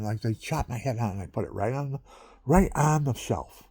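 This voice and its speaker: A man's voice: mid-range voice, animated, moderate pace, darkish tone, slightly rough, no echo. A man rambling through stories in a casual monologue he is taping himself, drifting from one thing to the next and chuckling often.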